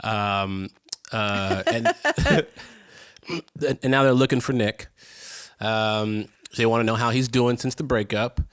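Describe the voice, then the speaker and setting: A man's voice: lowish voice, slow pace, a bit bright, smooth, no echo, studio quality. A man co-hosting a podcast in casual chat, sick, playful and teasing with frequent laughs. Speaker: podcast co-host. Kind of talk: casual chat rewatching a sitcom.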